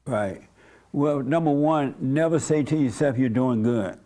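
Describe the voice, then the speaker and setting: Leading an informal church service, a pastor speaks with a warm, medium-pitched voice at a measured pace. His manner is blunt, folksy and conversational, and he draws answers from the congregation.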